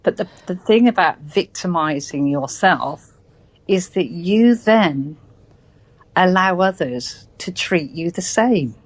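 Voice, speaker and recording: A woman's voice: fairly low pitch, lively intonation, takes it slowly, no echo, poor audio. A British woman with a West Country accent, a guest in a conversational interview, speaking earnestly and repeating points for stress. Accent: West Country English. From Britain.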